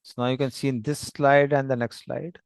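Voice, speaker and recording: A man narrating a devotional story slowly and plainly, pointing to slides as he goes. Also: mid-range voice, level tone, creaky, clean tone, no echo, clean studio sound. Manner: slow, plain, explanatory with pauses.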